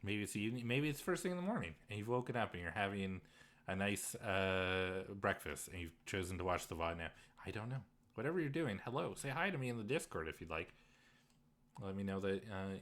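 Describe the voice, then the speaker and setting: A man's voice: on the low side, expressive, a little fast, a bit bright. A man streaming a game live, reacting emotionally and laughing often as he comments on the story. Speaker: let's play streamer.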